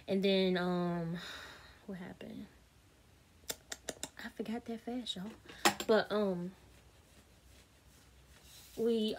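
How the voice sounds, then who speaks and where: A woman's voice: lowish voice, slight background noise. A woman, telling a storytime vlog straight to her viewers, candid, blunt and swearing freely. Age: 30s. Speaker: vlogger.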